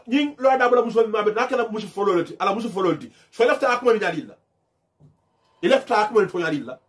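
Animated man ranting. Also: high-pitched. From Gambia. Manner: swings from shouting to hushed muttering, switches languages. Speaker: online commentator. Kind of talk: ranting monologue.

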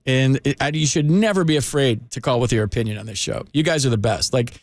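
A man hosting a sports radio call-in show, talking loosely and chattily with quick restarts, on a studio microphone. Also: medium pitch, dry recording. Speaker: radio sports talk host. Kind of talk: casual radio chat.

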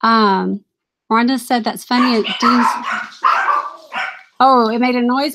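A woman's voice: fairly high pitch, takes it slowly, pauses often, heavy background noise. A woman in her thirties or forties hosting a casual live stream as a reseller, chatty and apologetic, laughing often and reading out viewer comments. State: briefly out of breath.

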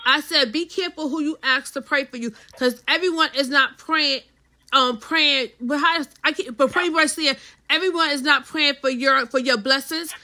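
Bright high-pitched woman, emphatic co-host. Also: normal speed, poor audio. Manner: emphatic, preachy repetition. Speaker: podcast co-host. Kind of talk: casual faith talk.

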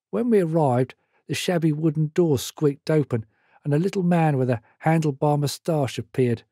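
An older man reading his own memoir aloud in a measured storytelling manner. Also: a little high, dark tone, no room sound, clean studio sound. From Britain. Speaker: memoir author.

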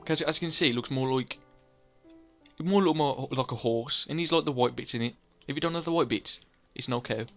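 A man's voice: medium pitch, a little fast, fairly bright tone, soft background music. Rambling, self-mocking young man. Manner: rambling, self-mocking, chatty, laughs at own jokes. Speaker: let's play host. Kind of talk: casual gameplay commentary.

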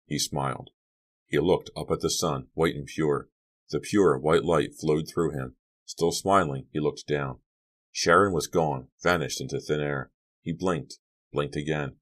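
A man's voice: rumbling low, steady tone, moderate pace. A man reading a teen horror novel aloud as an audiobook narrator, lifting his voice for the characters' lines.

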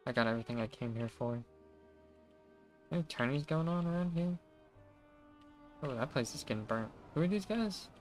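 A man's voice: mid-range voice, lively intonation, normal speed, pauses often, a little mellow, faint music behind. A man giving casual, profane, wry commentary to himself while streaming a video game.

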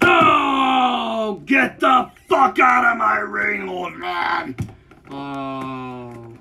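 A man calling a wrestling video game match play by play, shouting out moves and pin counts. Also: high voice, very slow, creaky. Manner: shouts move names and counts, yelps at big hits. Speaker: channel owner commenting on wrestling matches. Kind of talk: excited play-by-play game commentary.

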